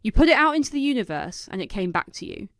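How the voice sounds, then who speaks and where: A woman voicing a doting, flattering young male boyfriend in her own smooth, dry narrating voice. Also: a little high, fast, dry recording, voice pushed up. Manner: adoring, flattering.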